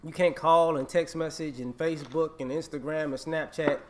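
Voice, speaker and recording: A man's voice: on the high side, fairly even intonation, normal speed. A man vlogging a casual opinion rant, emphatic and repetitive, scolding and laughing.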